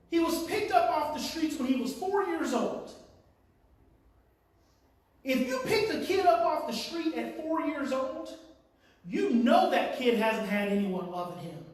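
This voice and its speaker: A man giving an impassioned talk to parents. He speaks emphatically, repeats his phrases and swings from quiet to loud. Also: extremely high pitch. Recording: very echoey room, far from the mic.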